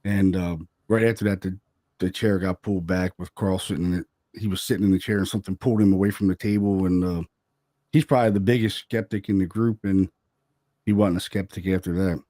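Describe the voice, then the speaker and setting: Deep-voiced man telling a ghost story. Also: fairly even intonation, fairly quick, mellow, dry recording, clean studio sound. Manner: loose and chatty, full of "man" and "you know". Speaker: paranormal investigator guest. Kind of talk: casual storytelling.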